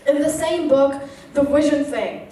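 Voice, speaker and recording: A teenage girl with an Indian English accent gives an earnest motivational speech and keeps asking the audience rhetorical questions. Her voice is high. It rings through a large, very echoey hall and sounds distant from the mic. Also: a little slow, mellow, slight background noise. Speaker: motivational speaker.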